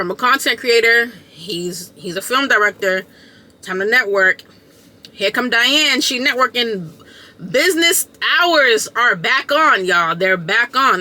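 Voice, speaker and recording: With a medium-pitched voice, a female content creator narrates a storytime vlog, animated and emphatic, dropping casual slang and saying things more than once for effect.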